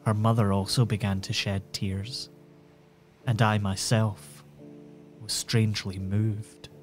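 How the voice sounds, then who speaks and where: A man reads a bedtime story in a calm, measured, soothing way. His voice is low and even, unhurried, with gentle music faintly underneath.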